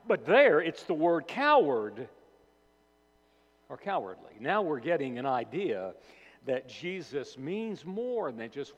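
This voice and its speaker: Pastor preaching with dramatic swings. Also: male voice, very animated, slow pace, in a large hall, highs cut off. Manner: dramatic swings between loud emphasis and hushed low words. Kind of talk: sermon.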